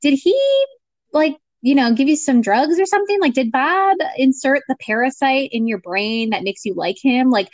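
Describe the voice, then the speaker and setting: A woman's voice: high-pitched, expressive, normal speed, no room sound. A woman casually discussing a film as a podcast co-host, chatty and full of fillers.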